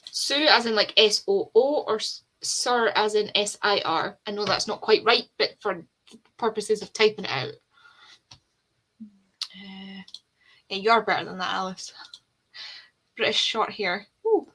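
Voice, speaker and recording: A Scottish woman hosts a relaxed online reading session, talking with friends over a desk mic on a video call. Her voice is bright and forward, and she rambles in a chatty, self-deprecating way, often laughing at herself. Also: mid-range voice, measured pace, long pauses. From Scotland. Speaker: host of a reading sprint livestream. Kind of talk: casual chat.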